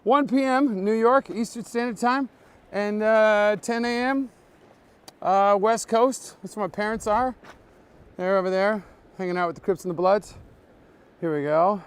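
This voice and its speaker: A man with a voice pitched a bit above the usual male range, chatting casually as he walks outdoors at night on a bridge. He guides a live-streamed tour in a deadpan comic way, dropping made-up facts and greeting viewers. He is recorded on a handheld phone. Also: a little slow, long pauses, smooth. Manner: deadpan joking with absurd fake facts.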